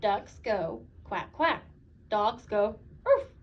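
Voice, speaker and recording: Woman reading as a stern mother dog, storybook, firm and instructive, slow. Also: mid-range voice, very animated, lo-fi sound, pitched below the performer's own voice, exaggerated voice. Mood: firm scolding.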